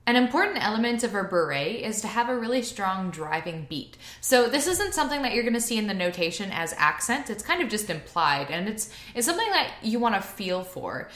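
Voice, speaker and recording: A woman's voice: mid-range voice, sing-song, fairly quick, few pauses, a bit bright. A woman teaching a piano lesson in a casual video, chatty and prone to rambling asides.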